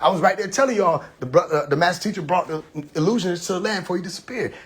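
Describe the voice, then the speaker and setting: A man's voice: high-pitched, quick pace, hardly any pauses, slightly rough. A man hosting a livestream, telling a story casually and animatedly, laughing often and acting out quoted dialogue. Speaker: live stream host. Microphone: phone livestream.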